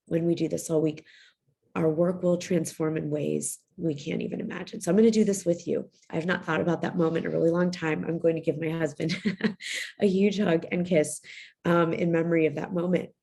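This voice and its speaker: Gravelly low-voiced woman coach. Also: mellow. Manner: candid, confiding, effusive. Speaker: writing coach. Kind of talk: motivational talk to writers.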